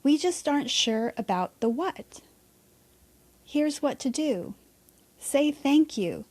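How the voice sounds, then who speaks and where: A woman's voice: high-pitched, lively intonation, slow pace, a little mellow. A woman hosting a reflective solo podcast, talking candidly and conversationally with a bit of mild swearing. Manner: candid, conversational, mildly profane. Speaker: podcast host.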